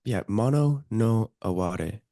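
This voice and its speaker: A man's voice: on the low side, expressive, mellow, no echo, studio quality. A man in his thirties, a podcast guest, speaking reflectively and hesitantly. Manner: slow, reflective, hesitant with fillers. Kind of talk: casual conversation.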